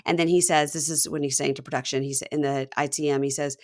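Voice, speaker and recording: Chatty, low-voiced woman podcast host. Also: fairly even intonation, quick pace, hardly any pauses. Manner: chatty, gossipy, quotes people in voices. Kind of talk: casual reality TV recap chat.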